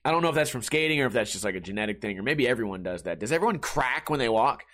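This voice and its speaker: A man's voice: mid-range voice, expressive, rapid-fire, a bit bright. A middle-aged man hosting a casual solo podcast, rambling through tangents, swearing and mocking himself. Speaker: podcast host.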